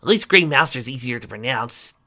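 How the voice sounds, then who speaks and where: A reader voicing a small, sulky halfling necromancer who meets everything with dry sarcasm. The storybook voice stays bright and clear, with grumbling asides. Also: mid-range voice, expressive, a little fast. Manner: sardonic, sulky.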